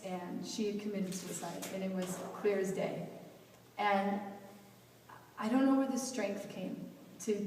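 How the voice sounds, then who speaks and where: A woman's voice: mid-range voice, a little mellow. A young woman telling a personal story at a youth event, in a candid, rambling way full of "like" and restarts. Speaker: motivational speaker. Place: large hall at a youth event. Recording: echoey hall, distant mic, faint hiss.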